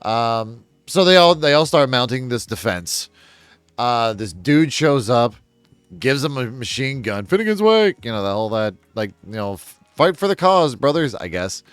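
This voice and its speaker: A man's voice: medium pitch, unhurried, a bit bright, clean tone, no echo, soft background music. A man giving a casual book synopsis on his channel, rambling with chuckles and self-deprecating asides. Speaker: book reviewer.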